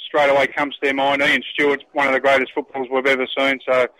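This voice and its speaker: An Australian man, a guest on a radio chat show, talking in a halting way with repeated words and frequent chuckles. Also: medium pitch, monotone, bright, forceful tone, dry recording, rough recording. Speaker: phone-in guest, former footballer.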